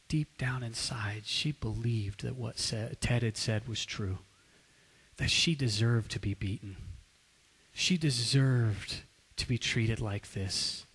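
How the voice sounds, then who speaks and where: A man preaching, telling a dramatic story in a slow, hushed delivery that rises into loud outbursts for quoted lines. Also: medium pitch, creaky, slightly rough, poor audio. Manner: slow, hushed narration that swells into shouted quotes.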